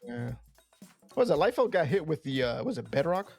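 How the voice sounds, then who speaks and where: A man's voice: a little high, big pitch swings, fairly quick, creaky, a little mellow, soft background music. A man co-hosting a casual art show, chatting in an earnest way and pushing to make his point. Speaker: co-host. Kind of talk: casual chat while drawing.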